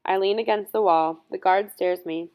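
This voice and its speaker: A woman reading a first-person audiobook in scripted narration, measured and earnest. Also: mid-range voice, fairly even intonation, darkish tone.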